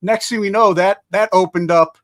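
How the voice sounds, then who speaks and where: High-voiced male podcast host, dry sound. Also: fairly even intonation, normal speed, no echo. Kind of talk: casual interview chat.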